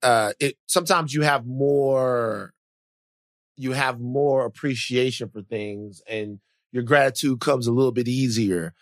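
A man co-hosting a podcast, talking casually in a rambling, animated, self-mocking way. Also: medium pitch, unhurried, no echo, studio quality. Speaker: podcast co-host. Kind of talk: casual chat.

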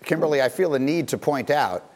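A man hosting a sports talk show, moderating his panel with brisk, wry remarks. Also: a little high, expressive, darkish tone. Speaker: host.

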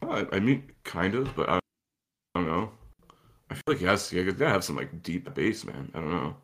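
A podcast co-host chats casually, laughing, swearing and joking. His voice is very low and gravelly. His pitch swings a lot as he talks. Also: expressive, normal speed, fairly bright tone. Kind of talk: casual chat.

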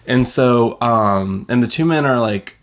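A man's voice: medium pitch, unhurried. A young man telling a rambling story on a podcast, filling his talk with "like" and laughing as he goes. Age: young adult. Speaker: podcast co-host. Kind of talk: casual storytelling chat.

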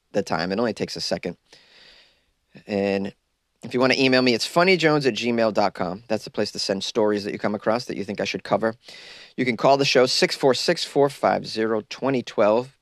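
A man's voice: fairly low pitch, no room sound, studio quality. A man hosting his own podcast, talking casually and loosely, rambling a bit and poking fun at himself, recorded in a small closet. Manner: loose, rambling, self-deprecating. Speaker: podcast host. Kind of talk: casual solo podcast chat.

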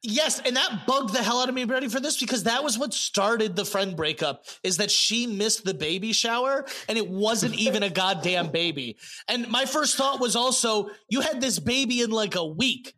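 A man co-hosting a casual podcast chat, animated and swearing, acting out lines as he reviews a show. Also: sits high, moderate pace, few pauses. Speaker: podcast co-host.

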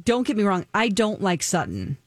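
A woman's voice: medium pitch, big pitch swings, normal speed, a little hiss or hum. A woman co-hosting a casual chat, recounting scenes indignantly and quoting people. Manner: indignant, quotes others in put-on voices. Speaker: co-host. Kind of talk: casual gossip chat about reality TV.

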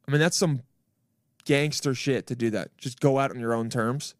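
A young man giving a crude, animated comedic rant at home, acting out other people's voices. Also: mid-range voice, normal speed, no room sound, clean studio sound. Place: home, roommate in next room.

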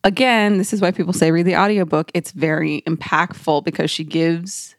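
Low-voiced, blunt woman podcast guest. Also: fairly even intonation, normal speed, no echo, studio quality. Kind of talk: casual podcast chat.

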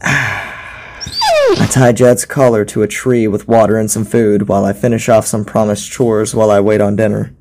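A man narrating a first-person horror story in a measured way, with occasional stumbles. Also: lowish voice, huge pitch swings, noisy background. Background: music.

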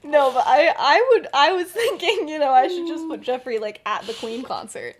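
A woman's voice: sits high, lively intonation, moderate pace. Chatty young woman telling a story. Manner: chatty, full of "like" and "um", laughs often. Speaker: podcast co-host. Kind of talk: casual fan-fiction storytelling.

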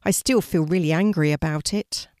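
A woman's voice: lowish voice, normal speed, darkish tone, no echo, studio quality, natural voice. A woman voicing a curious, doubtful young girl in a storybook reading. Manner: questioning, a bit sarcastic.

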